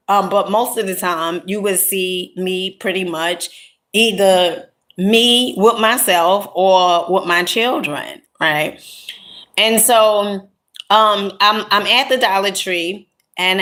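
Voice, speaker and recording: Chatty woman vlogger rambling warmly. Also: mid-range voice. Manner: chatty, rambling, with many fillers and restarts; warm pet names to viewers. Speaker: content creator. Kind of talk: casual storytelling vlog.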